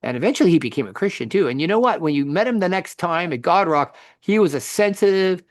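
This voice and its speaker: A middle-aged man co-hosting a faith podcast, telling a story in a lively conversational way with frequent restarts. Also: high-pitched, fast talker, no echo, clean studio sound. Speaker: podcast co-host.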